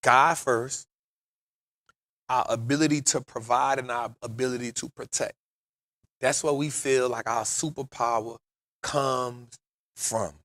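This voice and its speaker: A man's voice: medium pitch, steady tone, unhurried, pauses often, a bit bright, no room sound. A man, telling stories emphatically on a casual podcast, often saying "bro" and "real talk". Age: 40s. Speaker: podcast host.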